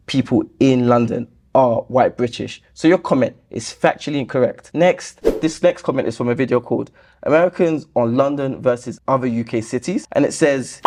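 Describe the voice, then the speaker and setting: Reacting to comments on his own channel, this host reads them out and answers in a sarcastic, fed-up tone. His pitch leaps around with lively energy.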